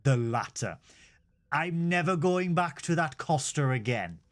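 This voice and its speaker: A man's voice: fairly high pitch, expressive, unhurried. A young man, co-hosting a podcast in casual chat, rambling with stumbling restarts and comic asides. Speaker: podcast co-host.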